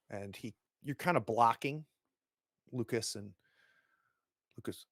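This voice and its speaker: A man's voice: mid-range voice, a bit bright, no echo, clean studio sound. A man acting as game master, narrating a tabletop horror game in a descriptive way and acting out the characters' gestures. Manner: unhurried, descriptive, acts out gestures.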